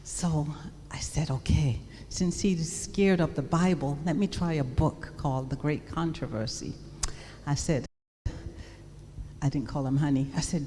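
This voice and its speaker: A woman from England tells her story to a congregation in a chatty way. Her voice is low and mellow. The long reverb of a large hall carries it, with a faint hiss beneath. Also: unhurried. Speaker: pastor's wife. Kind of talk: personal testimony to a church audience.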